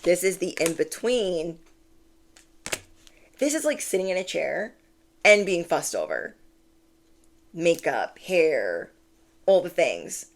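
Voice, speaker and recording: Woman tarot reader, lowish fry-tinged voice, animated emphatic delivery, faint background hiss. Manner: animated, drawn-out emphatic phrases, acts out quoted reactions; shuffles and slams cards while talking. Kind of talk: channeled tarot reading.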